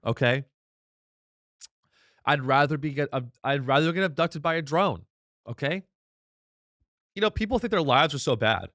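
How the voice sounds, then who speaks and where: A man at an ordinary pitch rants in a sarcastic, mock-outraged comedic monologue, piling up rhetorical questions and restarting his sentences. The sound is close and dry, with no room around it. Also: fairly bright tone, dry recording. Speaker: comedy podcast host.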